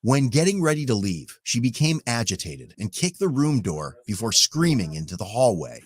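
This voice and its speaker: A man's voice: mid-range voice, very animated, moderate pace, a little hiss or hum. A man reading matter-of-fact scripted narration. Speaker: documentary narrator.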